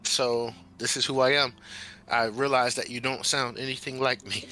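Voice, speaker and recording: A man's voice: mid-range voice, little pitch movement, normal speed, bright, forceful tone, natural voice. A man voicing a sheepish young merchant hero. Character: young male shipping merchant with a stuck twang.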